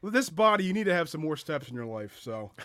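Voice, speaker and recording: A comedian guest, a man with a bright, forward voice, tells self-mocking stories in easy banter. His voice sits slightly high, and he is recorded close and dry with no room sound. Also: very animated, quick pace, no echo. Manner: self-deprecating storytelling.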